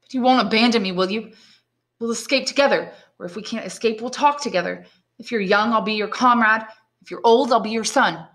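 A woman's voice: a little high, fairly quick, fairly bright tone, voice pushed up, natural voice. A woman voicing a desperate young male prisoner who pleads earnestly and fervently. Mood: eager.

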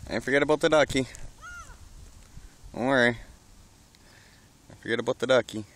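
A man casually filming outdoors, talking excitedly to birds and swearing often. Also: mid-range voice, normal speed. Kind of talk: casual vlog narration.

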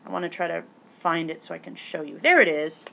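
A woman vlogging casually, rambling with many restarts and fillers, breaking into excitable bursts and swearing now and then. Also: on the low side, fairly quick, gravelly, slight background noise.

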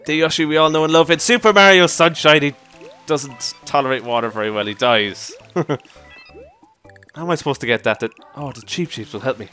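A man giving casual commentary over his own gameplay, excitable, often exclaiming and laughing at his mishaps. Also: on the high side, brisk, smooth, soft background music. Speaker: let's play commentator.

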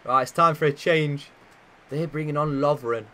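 A man giving lively, chatty commentary over a football video game, cheering and shouting at the big moments. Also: on the high side, normal speed, slight background noise. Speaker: gaming commentator.

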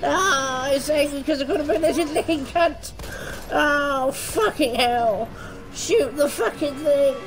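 A woman host giving foul-mouthed, excitable let's play commentary, shouting insults at the game. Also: sits high, measured pace, rough recording. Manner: excitable, frequent panicked outbursts. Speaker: gaming channel host.

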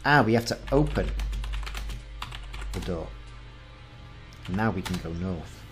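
A man's voice: low-pitched, expressive, takes it slowly, faint music behind. A man in his forties hosting a casual game walkthrough, reading the game's text aloud with wry asides. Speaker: gaming channel host.

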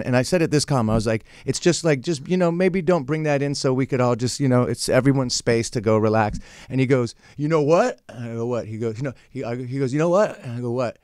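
A man guest on a podcast tells a loose, profane story in casual chat, slipping into the voices of the people in it. His voice sits at a middle pitch. The sound is dry and close, with no room echo. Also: quick pace, few pauses, a little mellow, clean tone. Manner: profane, rambling, acts out quotes.

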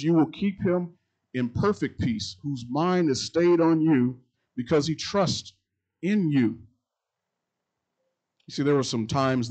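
A middle-aged man, a pastor, preaching a sermon that repeats its phrases and swings between loud and quiet passages. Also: mid-range voice, poor audio.

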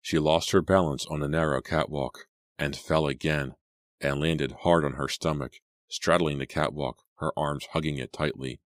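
A man narrating a suspense audiobook in a measured, suspenseful way. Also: a bass voice, fairly even intonation, no room sound, clean studio sound. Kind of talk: dramatic audiobook reading.

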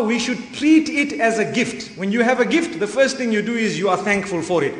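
A man's voice: high voice, animated, fairly quick. A man preaching an earnest, emphatic sermon to a congregation, often using Arabic phrases. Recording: echoey hall, long reverb.

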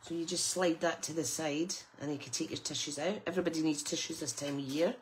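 A woman's voice: low voice, fast, slight background noise, poor audio. A middle-aged woman, chatting casually and exclaiming with delight as she unboxes craft gifts. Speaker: craft channel host.

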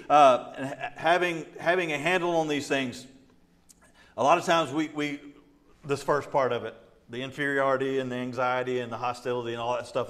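A man's voice: medium pitch, a bit bright. A middle-aged man, a pastor, teaching a casual Bible study with humor, often laughing and acting out quoted voices.

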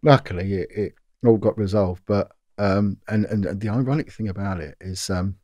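A man's voice: lowish voice, normal speed, no room sound. A middle-aged man, a former detective telling long anecdotes in an interview, full of fillers and restarts. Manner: animated anecdotes with many fillers and repeats. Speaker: former police detective, guest. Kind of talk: storytelling interview.

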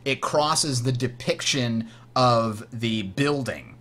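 A young man hosting a board game tutorial, explaining rules as he plays, enthusiastic and quick to laugh. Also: medium pitch, a bit bright.

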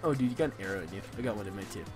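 A young man co-hosting a casual let's-play, excitable and laughing with loud bursts. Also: fairly low pitch, very fast. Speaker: gaming channel co-host. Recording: game music behind.

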